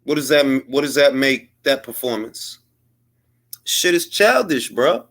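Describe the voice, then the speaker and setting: A man's voice: medium pitch, animated, measured pace, a bit bright. A man giving blunt, heated boxing commentary on his own, in slangy casual speech, mocking others in put-on quotes. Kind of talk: opinionated solo commentary.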